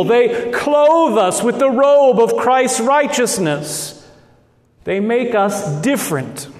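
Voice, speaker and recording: Midwestern pastor guy preaching real slow, kinda high voice, big echoey church. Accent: Midwestern with a trace of North Dakota. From Nebraska, USA. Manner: slow, deliberate preaching with dramatic pauses. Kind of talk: sermon. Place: church sanctuary.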